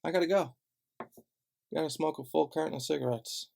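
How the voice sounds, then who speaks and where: A man's voice: fairly high pitch, brisk, creaky, a little mellow. A man from Chicago delivering a heated, sarcastic, profane rant straight to camera. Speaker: vlogger.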